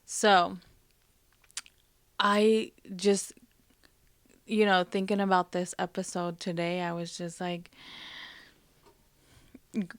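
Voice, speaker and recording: A woman podcast host telling personal family stories in a soft, reflective way, pausing often with fillers. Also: lowish voice, level tone, no echo. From Hispanic family, Spanish-speaking mother. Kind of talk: personal storytelling.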